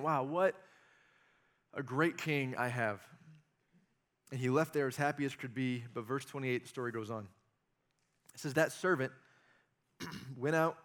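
A male pastor delivering a sermon in a slightly higher voice. He is animated, drops jokey asides and acts out the quoted lines.

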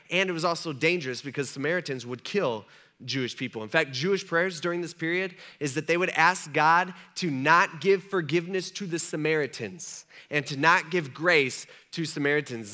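A man preaching a sermon to a live congregation in a casual, conversational way, acting out quoted lines as he goes. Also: fairly high pitch. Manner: animated, conversational, acts out dialogue. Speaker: pastor.

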